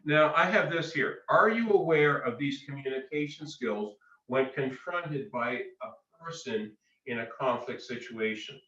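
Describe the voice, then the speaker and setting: A man presenting a webinar workshop, teaching in a slow, emphatic way with frequent pauses. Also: mid-range voice, pushed and bright. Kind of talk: webinar lecture. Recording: echoey, distant, dull lo-fi audio.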